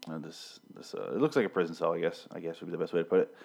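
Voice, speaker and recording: Irreverent man in his thirties, low voice. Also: very fast, gravelly, darkish tone. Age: 30s. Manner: rambling and irreverent, with frequent swearing and self-interruptions. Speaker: podcast host reviewing a TV show. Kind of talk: casual, profane solo commentary. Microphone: studio mic with pop filter.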